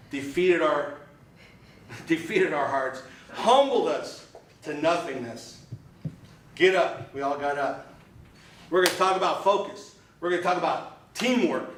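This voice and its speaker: A man's voice: on the high side, a little hiss or hum. Emphatic male speaker, echoey and distant. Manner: punchy and emphatic with repeated phrases. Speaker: club speaker. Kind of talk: motivational speech with storytelling. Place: meeting room. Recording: echoey room from far off.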